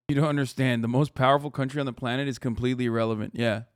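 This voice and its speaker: A man's voice: mid-range voice, no room sound, studio quality. A man in his thirties, a live streamer, ranting sarcastically with heavy swearing in casual commentary.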